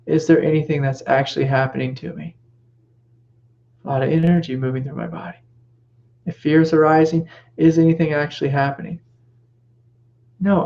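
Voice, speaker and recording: In a gentle, reflective spiritual teaching talk, a middle-aged man now and then slips into soft, reassuring whispers. His voice is a little high and gravelly, and the recording sounds muffled.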